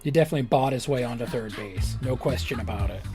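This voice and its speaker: A man's voice: medium pitch, fast talker, over music. A young adult man streaming a game, chatting casually with rambling, joking stories and whispered asides. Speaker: live streamer.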